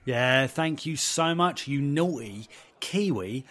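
A man's voice: medium pitch, lively intonation, slow pace, a bit bright. A man co-hosting a podcast in a playful, casual way. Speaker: podcast co-host.

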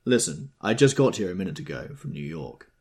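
Audiobook character: brusque wealthy man read by a man, gruff, bossy, lively delivery. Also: sits low, fairly quick. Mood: firm. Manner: gruff, commanding. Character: brusque, forceful wealthy man taking charge.

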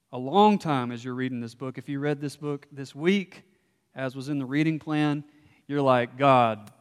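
A man's voice: mid-range voice, clear, resonant tone. Impassioned male pastor in a reverberant hall. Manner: impassioned, rising to loud emphasis when voicing Job. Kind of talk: sermon.

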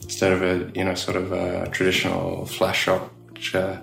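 A man's voice: sits low, completely flat delivery, moderate pace, creaky, a bit bright, reverberant, soft background music. An Australian man chatting casually as an interview guest, rambling with lots of fillers and laughs. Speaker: tattoo studio owner, guest.

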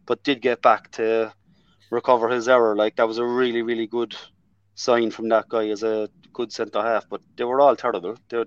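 A man with an Irish accent talking as a fan guest on a video call, animated and full of restarts and "like" fillers. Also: medium pitch, dry recording, dull audio. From Ireland. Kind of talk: casual chat.

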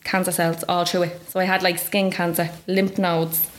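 As an interview guest, a young Irish woman chats through her own story, saying "like" a lot and acting out the voices she quotes. Her voice is lowish and level, at a normal speed.

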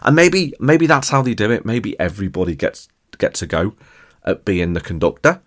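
Chatty low-voiced man. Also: moderate pace. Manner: chatty, jokey, addresses listeners directly with tag questions. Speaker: podcast host. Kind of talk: casual podcast monologue.

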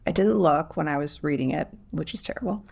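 A woman's voice: deep voice, fairly quick, creaky, a little mellow, husky. A woman co-hosting a podcast in casual chat, hesitant and full of fillers. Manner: hesitant, lots of fillers and likes. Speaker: podcast co-host.

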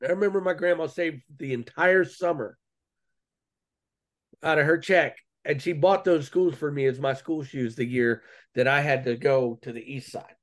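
A man's voice: fairly high pitch, moderate pace. A man, a guest on a podcast interview, telling a personal story in a casual, earnest and slangy way with frequent restarts.

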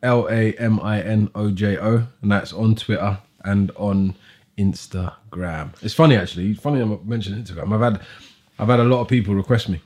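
A low-pitched, quick-talking male voice. He co-hosts a casual podcast chat, upbeat and quick to repeat his own phrases. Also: fairly even intonation, darkish tone. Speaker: podcast co-host.

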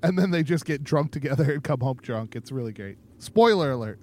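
A man's voice: mid-range voice, lively intonation, brisk, a little mellow. A man co-hosting a podcast in casual chat, jokey and playful, laughing often. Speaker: podcast co-host.

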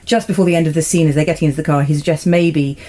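Woman, low-ish voice, chatty podcast co-host, amused, laughs a lot. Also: steady tone, rapid-fire, mellow. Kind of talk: casual chat recapping a TV episode.

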